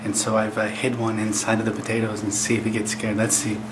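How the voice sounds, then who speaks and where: A man's voice: fairly low pitch, completely flat delivery, quick pace. A man helping cook in a home kitchen, talking in a playful, prankish way. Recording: noisy home video.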